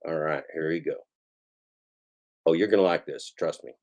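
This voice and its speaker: A man hosting a comic karaoke livestream, rambling and halting, who talks about himself in the third person with mock-grandiose showman patter. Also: extremely low pitch, a little mellow. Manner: rambling, halting, restarts mid-phrase. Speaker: karaoke stream host.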